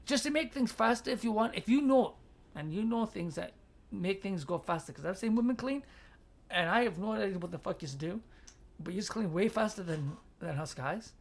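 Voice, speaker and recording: A woman with a gravelly, mid-range voice speaks animatedly at a moderate pace. She hosts a livestream advice chat, blunt and freely swearing, laughing often as she reads viewer comments aloud.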